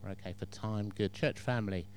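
A man's voice: lowish voice, fairly even intonation, brisk, a little mellow, a little hiss or hum. A man preaching a sermon in a chatty storytelling way, with frequent asides to the congregation.

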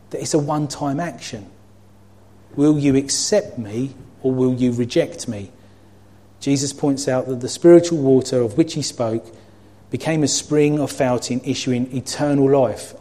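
A man's voice: mid-range voice, warm tone. A man preaching a sermon in an earnest, reflective teaching manner, reading scripture and explaining it.

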